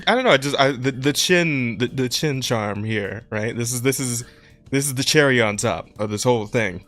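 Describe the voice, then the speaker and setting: A man's voice: medium pitch, a bit bright. A man hosting a casual podcast, joking, laughing often and stumbling over words. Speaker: podcast host.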